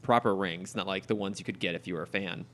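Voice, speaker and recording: A man's voice: low-pitched, steady tone, quick pace, a bit bright. A chatty man co-hosting a casual podcast. He keeps his talk loose and full of fillers, laughing often as he goes. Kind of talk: casual chat about a cartoon episode.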